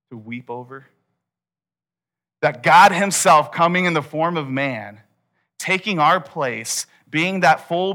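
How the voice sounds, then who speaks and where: A man's voice: a little high, sharp tone. A man preaching a sermon to his congregation, retelling stories in a casual way and acting out the people in them. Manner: casual storytelling, acts out voices. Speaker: pastor.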